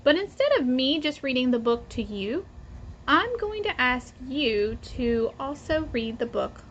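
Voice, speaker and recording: A woman teacher reading a picture book to young students in a slow, clear, instructive way. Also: high-pitched, big pitch swings, a bit bright. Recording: dull lo-fi audio with faint noise.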